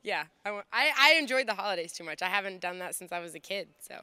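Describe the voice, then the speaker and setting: A woman's voice: medium pitch, lively intonation, fast talker, sharp tone, clear, resonant tone, no room sound. A woman in her thirties from Ohio, chatting candidly and laughing in an interview about her career. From USA (Ohio). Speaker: interviewee, fighter. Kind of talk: casual interview chat.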